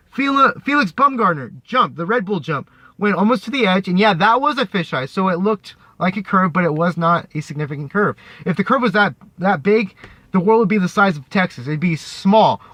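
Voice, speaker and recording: This vlogger's voice is high, pushed and bright as he delivers a heated, profane rant to camera, repeating points and ridiculing his opponents. The sound is dry.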